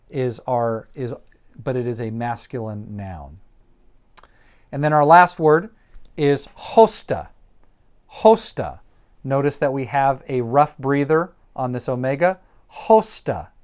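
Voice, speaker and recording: Male teacher, mid-pitched, slow and methodical, repeats words. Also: clear, resonant tone. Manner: slow and deliberate, repeats each word, frequent ums. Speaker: Greek teacher. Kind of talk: vocabulary lecture.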